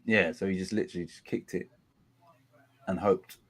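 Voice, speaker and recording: A man, hosting a casual live watchalong of a football match. He complains about dull play and gets excited during attacks. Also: sits low, normal speed. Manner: chatty, groans at a dull game, excited bursts at attacks. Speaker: watchalong host.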